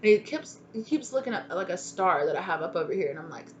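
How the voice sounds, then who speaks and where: A woman's voice: lowish voice, lively intonation, quick pace, a little hiss or hum. A woman giving a casual spoken tarot reading, rambling and chatty, with many fillers and restarts. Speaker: tarot reader.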